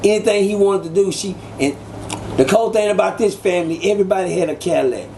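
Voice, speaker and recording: A man telling old street stories as an interview guest, animated and acting out quoted voices. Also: fast, a little hiss or hum. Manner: animated, acts out quoted voices with sudden pitch jumps. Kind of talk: casual storytelling.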